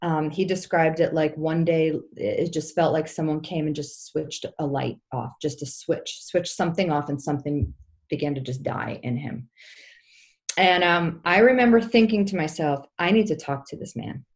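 A woman's voice: deep voice, moderate pace. A woman, a pastor's wife, telling a personal story as a podcast guest in an earnest, heartfelt way. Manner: earnest, heartfelt, many restarts.

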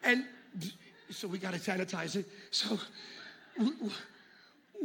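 A man preaching a sermon as pastor, swinging between shouted exhortation and hushed asides. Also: high voice, expressive, slow pace, vocal fry, pauses often, husky.

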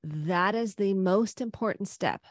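A middle-aged woman psychotherapist, a podcast guest, gives earnest, gentle advice on parenting and anxiety. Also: medium pitch, unhurried, dry recording, clean studio sound. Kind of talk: podcast interview.

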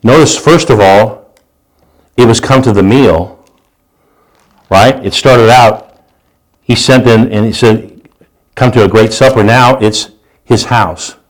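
A man preaching a sermon, reading scripture aloud in a raised, slowed voice and then dropping into low, conversational asides, often repeating himself. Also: low-quality recording. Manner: repeats and restarts words while preaching. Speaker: pastor.

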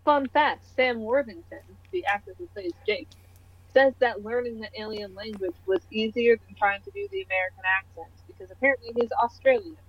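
A woman's voice: mid-range voice, fairly quick, breathy edge, no echo. Young woman rambling about movies, self-deprecating, dry dull sound. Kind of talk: casual chat.

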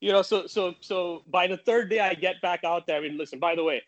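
A man telling a long personal story in casual talk, animated, with many restarts. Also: sits high, a little fast, lo-fi sound.

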